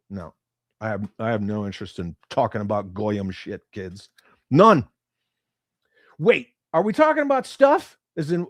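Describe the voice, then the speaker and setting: A man hosting a casual livestream, reading viewer comments aloud and reacting bluntly with lots of swearing, his voice swinging from loud outbursts to muttered asides. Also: on the low side, no echo, clean studio sound. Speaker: livestream host.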